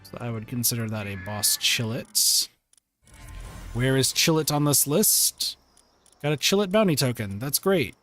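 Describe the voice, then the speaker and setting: A man's voice: mid-range voice, lively intonation, a little slow, fairly bright tone, soft background music. A man streaming a game live, chatting playfully, reading and answering chat and reacting to the game as he plays. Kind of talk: live gameplay commentary. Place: home room.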